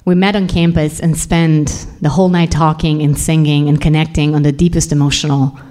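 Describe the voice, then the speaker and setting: A woman's voice: sits low, little pitch movement, fairly quick, dark tone. A young woman from Serbia, telling an intense, confessional personal story.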